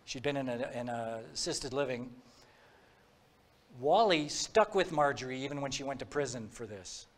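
A man's voice: mid-range voice, lively intonation, moderate pace. A man giving a talk, telling a true-crime story in a conversational way, acting out quoted dialogue. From Minnesota.

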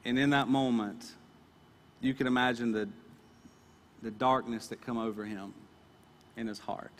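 A man's voice: medium pitch, steady tone, a little slow, long reverb tail. A male pastor preaching a sermon in an earnest, emphatic way, often repeating his words.

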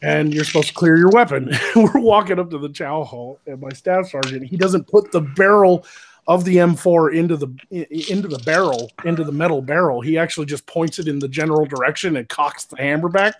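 Casting: man in his thirties, rowdy veteran storyteller, swears constantly, voice sits a little high. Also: fairly quick, slight background noise. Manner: profane, laughing, shouts when quoting others. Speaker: podcast co-host, army veteran. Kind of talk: casual storytelling chat.

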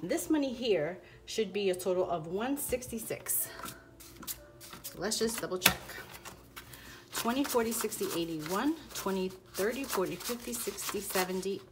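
A woman's voice: medium pitch, expressive, normal speed, music in the background. A woman vlogging her budget, chatting casually and counting bills aloud with playful asides. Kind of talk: casual chat while counting cash.

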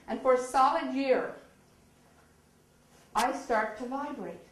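A woman giving a lively storytelling speech, often laughing and acting out the voices of people in her story. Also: high voice, normal speed, long pauses. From eastern Canada. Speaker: speaker telling her story. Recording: echoey hall, distant mic.

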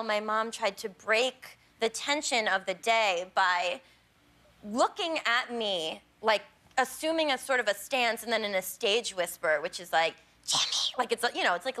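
A woman in her thirties telling a comic story as a talk show guest, animated and giggly, acting out the voices of people in it. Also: a little high. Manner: animated, giggly, acts out quotes. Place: TV studio with audience.

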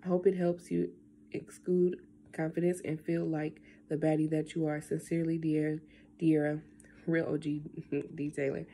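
A young woman talking casually into her camera at home, rambling and tearful, with lots of halting fillers. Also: low voice, flat delivery, mellow, slight background noise. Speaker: vlogger. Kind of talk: casual vlog, emotional talk then unboxing.

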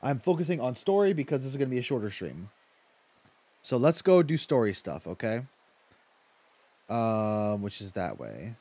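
A man's voice: medium pitch, sing-song, moderate pace, pauses often, mellow. A man streaming a video game from home, chatting casually with viewers, reading and answering chat, swearing freely and laughing often.

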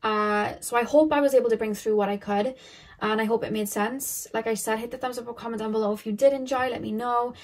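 A woman's voice: fairly high pitch, steady tone, fast, darkish tone. Chatty woman doing a tarot reading. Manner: loose and rambling, thinking aloud with many fillers. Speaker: tarot card reader. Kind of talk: casual pick-a-card tarot reading.

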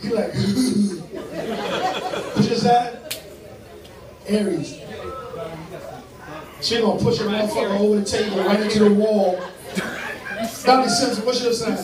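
High-voiced D.C. man hosting a rowdy crowd. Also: fairly even intonation, normal speed, long pauses, recorded from a distance. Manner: loud, teasing, profane banter with laughter. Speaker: comedy show host running a crowd game. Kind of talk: live crowd-work hosting. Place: live event venue with an audience. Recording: echoey venue recorded from afar, loud crowd.

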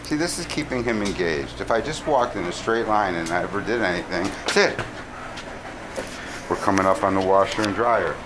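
Calm low-voiced male dog trainer. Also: moderate pace. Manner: calm, short commands and steady praise to a dog. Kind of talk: filming a training session and explaining. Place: indoors at a kennel facility. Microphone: handheld camera mic. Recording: loud background noise, dogs barking.

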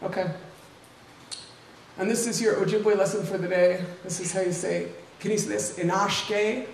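An older woman invited to a lecture room gives a chatty, informal talk with slides, packed with asides and tag questions to the audience. Her mid-range voice is a little mellow with vocal fry, fairly even intonation and a moderate pace. The recording is roomy and distant-miked, with faint ambience and slight background noise.

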